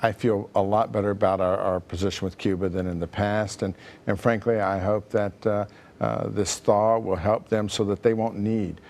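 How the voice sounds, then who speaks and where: A man's voice: lowish voice, fairly even intonation, moderate pace, vocal fry, a little mellow. A man speaking as a guest on a TV panel discussion, hesitant and full of restarts.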